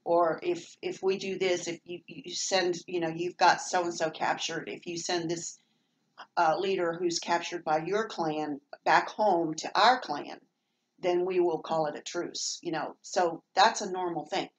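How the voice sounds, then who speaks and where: Southern-accented woman in middle age, rambling home vlog, lowish voice, faint hiss behind. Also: steady tone, unhurried, poor audio. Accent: Southern American. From American South. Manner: chatty, meandering, many fillers and restarts. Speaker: vlogger. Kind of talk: rambling casual monologue.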